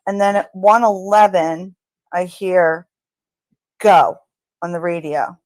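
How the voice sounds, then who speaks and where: A woman casually narrating what she hears in a recording, halting often with ums and restarts. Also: lowish voice, fairly even intonation, a little mellow, no echo. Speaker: true crime commentator. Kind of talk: casual narration of audio analysis.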